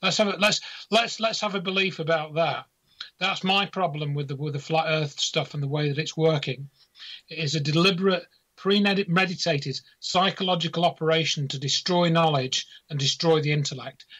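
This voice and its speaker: Brief: earnest guest, slightly high voice, muffled lo-fi recording. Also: male voice, moderate pace, fairly bright tone. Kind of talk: casual chat. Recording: dull lo-fi audio.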